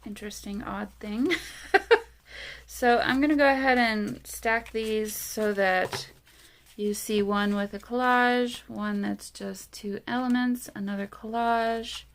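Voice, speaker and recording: A woman's voice: on the high side, steady tone, slow pace. A woman crafting on camera, chatting casually as she works, musing aloud, trailing off and laughing often. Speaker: craft vlogger. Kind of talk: casual talk while crafting.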